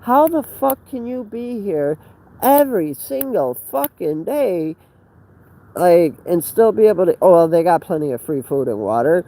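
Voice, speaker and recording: A man's voice: high voice, big pitch swings, measured pace, warm tone, low-quality recording. A man livestreaming outdoors on a handheld phone, rambling in an agitated, profane way with stumbling restarts. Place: outdoors by a fenced facility.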